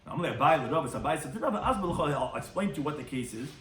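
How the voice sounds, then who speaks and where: Fast, high-voiced rabbi teaching Talmud. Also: male voice, lively intonation, a bit bright, reverberant, distant mic, slight background noise. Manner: translates Hebrew and Aramaic terms in quick bursts. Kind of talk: Talmud lecture.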